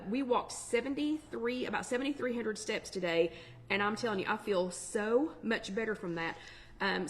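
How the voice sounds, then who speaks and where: This is a middle-aged woman with a drawl, hosting a casual live stream. She chats in an upbeat, rambling way and scatters fillers through her talk. Her voice sits in an ordinary middle pitch. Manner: chatty, upbeat, warm Southern-flavored asides with lots of fillers. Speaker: online weight-loss chat host.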